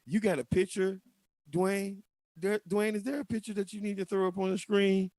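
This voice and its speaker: A man's voice: high-pitched, fairly even intonation, normal speed, darkish tone, dry recording. A man co-hosting a casual political talk show, joking around and plugging his channels. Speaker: co-host.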